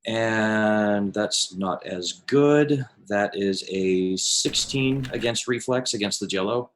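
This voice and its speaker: Man player, low voice, slow unhurried delivery, hesitant, thinking aloud. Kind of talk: tabletop game play over voice chat.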